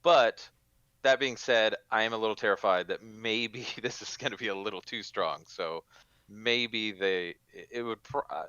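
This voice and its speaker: A man's voice: lowish voice, normal speed, sharp tone, clean tone, dry recording, lo-fi sound. A man guesting on a casual gaming podcast, giving careful, hedged opinions on game changes. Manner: thoughtful, hedging opinions.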